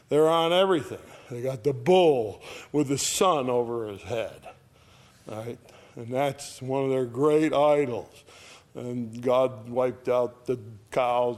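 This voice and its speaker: A man preaching a verse-by-verse sermon in casual, homespun speech, checking in with "all right?" and reading scripture louder and quicker than his comments. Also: medium pitch.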